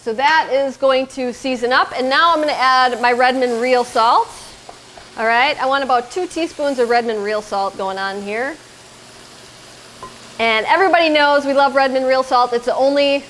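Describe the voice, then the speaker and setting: Middle-aged woman host, upbeat higher voice, chatty home-kitchen cooking demo, faint background noise. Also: fairly bright tone, poor audio. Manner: chatty, explains each step while talking to her son. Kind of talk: casual cooking demonstration.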